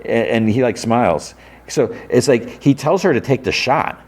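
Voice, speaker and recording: A man's voice: medium pitch, animated, moderate pace, husky. A man hosting a podcast, casually recapping a TV episode scene by scene, filling his retelling with "like" and quoted dialogue. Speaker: podcast host.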